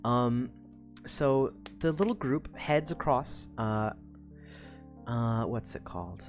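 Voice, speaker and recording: A woman's voice: extremely low pitch, lively intonation, takes it slowly, a little mellow, soft background music. A woman streamer chatting casually through a book recap, swearing freely and rambling with fillers.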